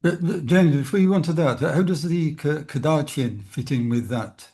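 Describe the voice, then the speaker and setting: A man's voice: a little high, moderate pace, dark tone. A man student in an online class, pressing the teacher with follow-up questions. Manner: probing, questioning.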